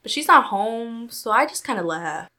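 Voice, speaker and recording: A woman's voice: on the high side, sing-song, normal speed, bright, forceful tone. A teenage girl guest chatting casually, full of "like" fillers. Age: teens. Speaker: podcast guest. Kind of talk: casual chat.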